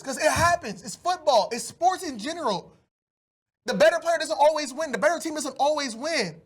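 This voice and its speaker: A man hosting a solo sports podcast, ranting animatedly with loud outbursts. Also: extremely high pitch.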